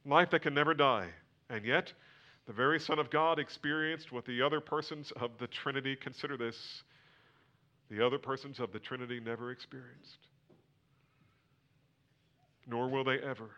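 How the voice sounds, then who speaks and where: A man preaching a sermon, swinging from loud emphatic lines to near whispers. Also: mid-range voice, fairly even intonation, normal speed, long pauses, dull audio. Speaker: pastor.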